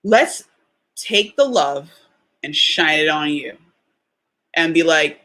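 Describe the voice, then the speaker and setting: A woman's voice: deep voice, expressive, slow pace, pushed and bright. A young adult woman hosting a solo motivational podcast, talking in a chatty, emphatic way full of rhetorical questions. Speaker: podcast host.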